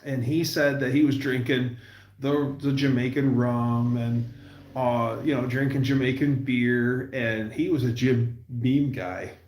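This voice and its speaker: A man's voice: medium pitch, steady tone, a little mellow, echoey room. A man hosting a livestream, chatting casually and rambling through stories. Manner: rambling, storytelling, puts on quick voices for quotes. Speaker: livestream host.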